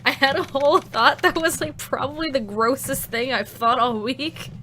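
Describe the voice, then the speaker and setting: A woman's voice: high-pitched, normal speed, bright, forceful tone, slight background noise. A woman streamer chatting casually while playing a game, giggly, crude and rambling. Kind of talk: casual gameplay chat.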